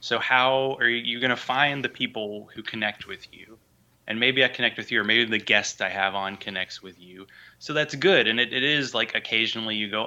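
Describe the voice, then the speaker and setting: Bright-voiced joking man, low pitch. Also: fairly even intonation, normal speed, muffled recording. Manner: self-deprecating, joking. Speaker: guest podcaster. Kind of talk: casual radio interview.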